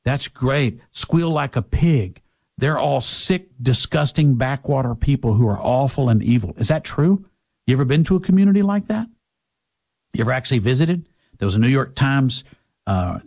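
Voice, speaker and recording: A man hosting a radio talk show, delivering an opinionated monologue with sarcastic asides that swing between loud and soft. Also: medium pitch, lively intonation, moderate pace, creaky.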